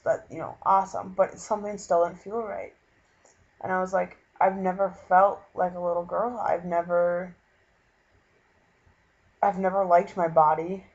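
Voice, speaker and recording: A young man from Minnesota talking earnestly in a casual vlog, halting and full of fillers as he retells a conversation. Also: sits high, gravelly. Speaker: vlogger. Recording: dull lo-fi webcam recording.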